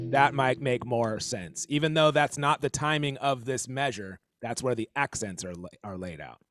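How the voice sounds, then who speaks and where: Loud music plays behind a man with a mid-range voice who hosts a casual drum stream over a video call, talking at normal speed with hardly any pauses. This drum teacher rambles, corrects himself, explains accents, and counts beats out loud.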